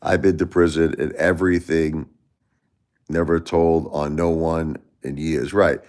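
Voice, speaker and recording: A middle-aged man vents to his live-stream audience. His voice sits very low, and he circles back over the same points with stammering restarts. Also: flat delivery, unhurried, darkish tone. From Brooklyn, New York. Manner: ranting, repetitive, stammering restarts. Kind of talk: casual live-stream rant.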